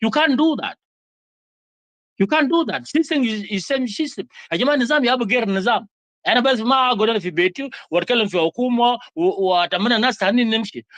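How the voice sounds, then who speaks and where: A man with a high voice speaks quickly and emphatically, defending himself in a heated online debate. The sound is dry and close, with no echo. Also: lively intonation, a bit bright. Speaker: discussion participant.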